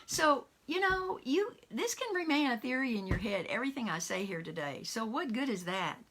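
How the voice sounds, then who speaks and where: A woman minister giving an online sermon, talking in a conversational way, laughing softly now and then and weaving in quotations. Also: fairly high pitch, sing-song, moderate pace, a little hiss or hum. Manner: warm conversational preaching with quotes and soft laughs.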